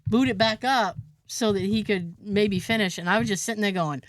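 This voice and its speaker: A woman's voice: moderate pace, no room sound. A woman co-hosting a podcast, telling a story in casual chat and acting out the quotes with big jumps in her voice. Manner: animated, acts out quotes with big pitch jumps, laughs often. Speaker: podcast co-host.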